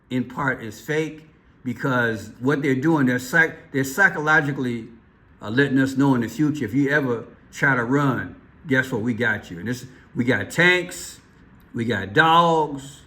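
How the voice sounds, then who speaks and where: Bright-voiced skeptical male vlogger. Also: medium pitch. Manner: skeptical, repetitive, rambling with restarts. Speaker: commentary channel host. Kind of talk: casual news commentary.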